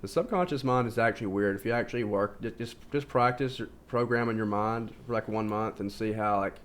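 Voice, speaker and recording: A man's voice: on the low side, brisk. A man talking casually in a rambling self-help monologue, full of fillers and restarts. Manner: informal, says "like" constantly. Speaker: video host.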